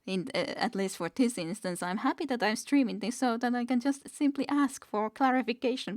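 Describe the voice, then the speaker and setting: A woman's voice: on the high side, expressive, moderate pace, dry recording, studio quality. A woman streaming a game, musing aloud, reading the game text and chuckling often in casual commentary. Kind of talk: casual let's-play commentary.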